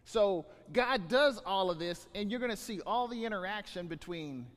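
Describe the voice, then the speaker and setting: Guy preaching, high voice, stammers and repeats a lot, echoey church hall. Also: normal speed. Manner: animated, repeats words, acts out scenes. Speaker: pastor. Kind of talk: sermon.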